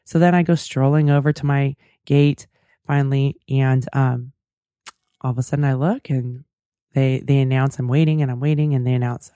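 A woman's voice: a bass voice, steady tone, normal speed, dark tone, dry recording, clean studio sound. A woman hosting a talk show, telling a personal story in a chatty, reflective way with lots of asides. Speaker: podcast host. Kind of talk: casual storytelling monologue.

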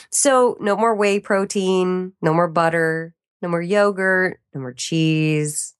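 Speaking unhurriedly at a medium pitch, this woman is a guest on a podcast having an easygoing interview conversation. She's expressive, frequently breaking into laughter while playing out her reactions.

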